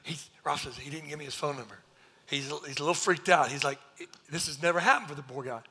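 A man preaching a sermon, telling a story with jokes, now and then shouting, then dropping to a hushed near-whisper. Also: a little high, fast, breathy edge. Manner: animated joking storyteller, bursts into shouts. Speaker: pastor.

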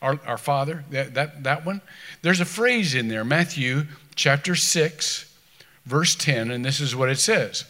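A man preaching a sermon in a conversational way, stumbling over restarts and swinging between loud scripture reading and quiet asides. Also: medium pitch, animated, a little slow. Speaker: pastor.

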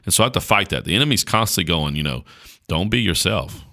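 Speaking at a racing pace in a casual conversational interview, a low-voiced pastor with a rural North Carolina accent sounds folksy, earnest, bright and forceful. He frequently starts his sentences over, and the recording is dry and close-up.

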